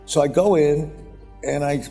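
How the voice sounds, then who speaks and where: Older man, mellow voice, rambling blunt anecdote, long hall reverb, faint music. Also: fairly even intonation, a little slow, creaky, breathy edge. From United States. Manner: rambling, blunt and profane, with repeated "boom, boom, boom". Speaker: investor speaking at a conference. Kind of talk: anecdotal storytelling. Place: conference stage.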